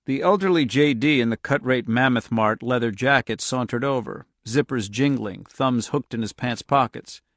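A man reading a novel aloud in steady scripted narration. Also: mid-range voice, normal speed, few pauses, no room sound, clean studio sound. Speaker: audiobook narrator.

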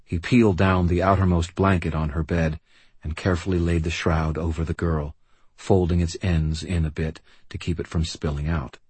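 Low husky guy reading a first person novel, dry and measured, no room sound at all. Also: flat delivery, a little mellow, no room sound. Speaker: audiobook narrator. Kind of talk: first-person audiobook narration.

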